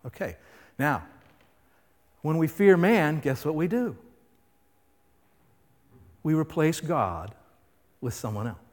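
A man's voice: fairly high pitch, expressive, slow pace, pauses often. Preaching man in an echoing hall. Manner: emphatic, full of rhetorical questions. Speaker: pastor. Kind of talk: sermon. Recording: reverberant hall.

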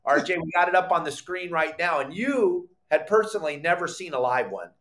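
A middle-aged man hosting a live fishing podcast, telling a story with lively acted-out quotes and bursts of shouting. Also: fairly high pitch, a little fast. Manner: animated storyteller, acts out quotes, shouts when excited. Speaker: podcast host.

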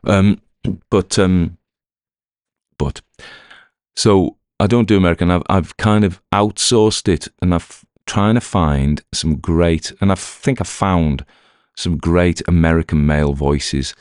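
Deep-voiced Northern English man rambling. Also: slow, a little mellow, clear, resonant tone, dry recording, clean studio sound. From Northern England. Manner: rambling, self-deprecating, many fillers and restarts. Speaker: podcast narrator and writer. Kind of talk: rambling casual talk to listeners.

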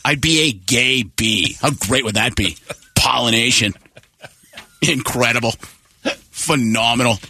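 A man's voice: medium pitch, a little slow, long pauses, bright, forceful tone, slight background noise, pitched below the performer's own voice. A man doing an impression of a boastful older male politician, bragging in short punchy words.

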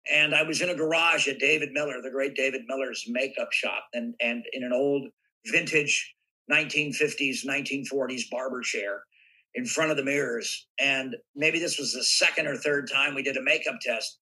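A man telling animated stories in a casual interview, acting out bits of dialogue as he goes. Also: medium pitch, normal speed, breathy edge, rough recording. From United States. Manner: animated raconteur, acts out voices in anecdotes. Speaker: guest actor. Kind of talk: casual interview chat, storytelling.

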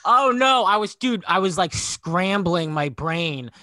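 A man's voice: sits high, expressive, slow pace, sharp tone, dry recording. A man co-hosting a comedy podcast, telling rambling crude comic stories. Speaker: podcast co-host. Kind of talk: casual comedy podcast chat.

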